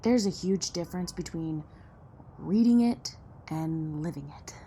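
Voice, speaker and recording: In an audio drama, a woman voices a young woman from a poor neighborhood who is blunt and distrustful, with a sharp, sarcastic tongue. Her delivery sits on the low side, moves a little slowly, and carries a breathy edge.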